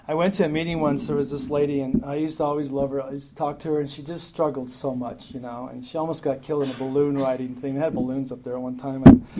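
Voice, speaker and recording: A man's voice: medium pitch, flat delivery, quick pace, few pauses, heavy background noise. A man telling his story at a recovery meeting in a rambling, joking, profane way. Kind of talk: casual storytelling talk. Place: meeting room with a crowd. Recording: live meeting talk with audience laughter.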